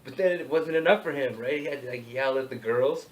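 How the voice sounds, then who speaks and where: A man's voice: mid-range voice, a little fast, roomy sound, rough recording. A man co-hosting a podcast, telling a rambling story and laughing as he goes. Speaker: podcast co-host. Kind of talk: casual storytelling chat.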